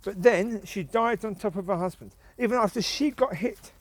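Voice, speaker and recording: A man's voice: high voice, normal speed, dry recording. A man, rambling in a casual commentary while out walking his dogs in the woods. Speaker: vlogger. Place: outdoors in rural woods.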